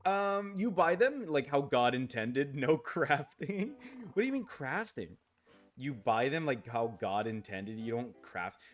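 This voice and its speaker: A man's voice: medium pitch, animated, unhurried. A man streaming a game late at night in casual chat, rambling, restarting his sentences, grumbling at the game and answering viewer comments aloud.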